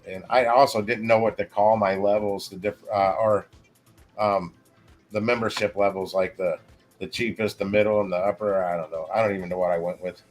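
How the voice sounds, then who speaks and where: Low-voiced man rambling on a livestream. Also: fairly even intonation, soft background music. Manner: rambling, halting, frequent restarts. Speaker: livestream host. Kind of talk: casual livestream chat.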